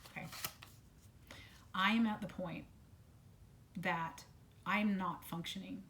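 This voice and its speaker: A woman speaking unscripted to camera about a personal ordeal, halting with many restarts and repeated words and blunt swearing, while still detoxing from medication. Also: fairly low pitch, fairly even intonation, fairly bright tone, a little hiss or hum. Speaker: vlogger sharing a personal story.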